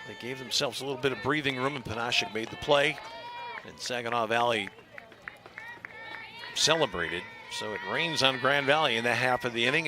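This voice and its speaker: A man doing live play-by-play for a softball game, talking through strategy and counts in an even, practiced way. He sits at a middle pitch for a man. Music plays clearly underneath his voice. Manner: measured commentary that rises to excited shouting on big plays. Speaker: play-by-play announcer. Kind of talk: live sports commentary.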